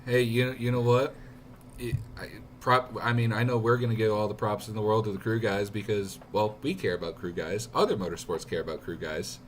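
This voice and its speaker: A man co-hosting a casual chat show, making his points emphatically and arguing them hard. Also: lowish voice. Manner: emphatic, quick to argue. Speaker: show co-host. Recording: faint background noise.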